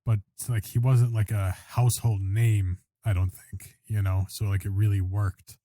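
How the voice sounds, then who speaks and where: Low, mellow man co-hosting a podcast. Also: flat delivery, moderate pace, dry recording, clean studio sound. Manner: chatty, filler-heavy, agreeable. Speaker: podcast co-host. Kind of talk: casual chat.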